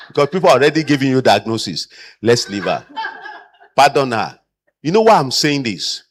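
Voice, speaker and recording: A man's voice: medium pitch, normal speed, long pauses. A man lecturing caregivers as a trainer and acting out the people he quotes. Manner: animated, acts out quoted people.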